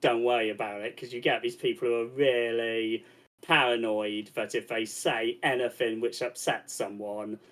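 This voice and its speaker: A man's voice: medium pitch, little pitch movement, unhurried, fairly bright tone. A man, a stand-up comedian on a discussion panel, telling a rambling story with many restarts. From Britain. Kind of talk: casual panel chat.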